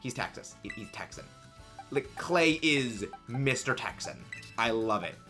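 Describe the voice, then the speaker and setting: A young man hosting a livestream, chatting casually and reading chat messages in an excitable, rambling way. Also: mid-range voice, measured pace, faint music behind. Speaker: livestream host.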